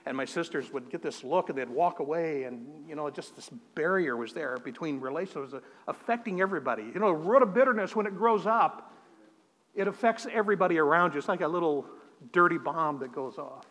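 A man's voice: on the high side, brisk, a bit bright. A man preaching a sermon, telling a personal testimony in an earnest way and often repeating words as he starts a phrase. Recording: long hall reverb.

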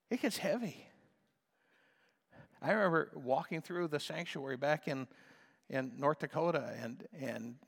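An older man preaching a sermon as a pastor, swinging between hushed talk and impassioned shouts. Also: medium pitch, creaky, breathy edge, long reverb tail.

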